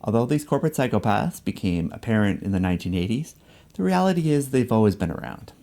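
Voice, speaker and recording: A man giving measured, scripted narration for an explanatory video essay. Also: fairly low pitch, big pitch swings, creaky, mellow.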